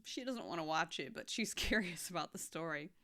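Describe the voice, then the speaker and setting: Young woman, lowish voice, chatty recap, heartfelt, swings soft to loud. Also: brisk. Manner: expressive, swinging between hushed and loud. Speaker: anime reaction vlogger. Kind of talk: casual recap chat.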